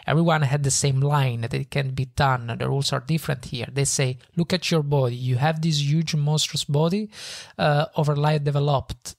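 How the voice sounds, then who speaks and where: A man's voice: mid-range voice, no echo. Italian-accented man, dry close sound. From Italy. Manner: halting, many fillers and restarts when speaking off-script. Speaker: podcast host. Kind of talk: retelling a speech with personal asides.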